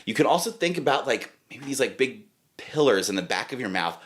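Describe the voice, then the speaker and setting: A man's voice: medium pitch, fairly quick. A man co-hosting a podcast about playing horn, chatting casually and demonstrating sounds as he explains. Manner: animated, demonstrates with sung sounds and put-on voices. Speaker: podcast co-host, horn teacher. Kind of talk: casual chat.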